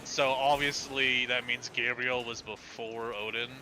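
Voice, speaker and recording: A man's voice: mid-range voice, steady tone, measured pace. A man co-hosting a gaming podcast, explaining things at length with dry humor while playing. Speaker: podcast co-host playing a video game. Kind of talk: casual gaming chat. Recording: noisy background.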